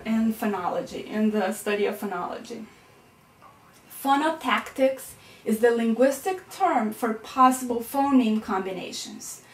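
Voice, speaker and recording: A woman lecturer explaining concepts patiently, often checking in with "okay?" and "right?". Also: on the high side. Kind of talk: recorded classroom lecture. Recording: echoey room, mic at a distance.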